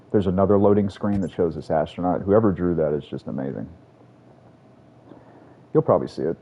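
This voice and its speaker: A man's voice: deep voice, brisk, pauses often, warm tone, slight background noise. A man streaming a video game, rambling casually and joking about himself as he plays. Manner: rambling, self-deprecating, drawling. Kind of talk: casual gameplay commentary. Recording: dull lo-fi audio with faint game music.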